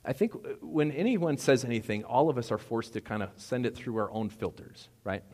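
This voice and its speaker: A man's voice: medium pitch, animated, normal speed, darkish tone. A man preaching a sermon as a pastor, talking conversationally with playful asides. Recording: long hall reverb.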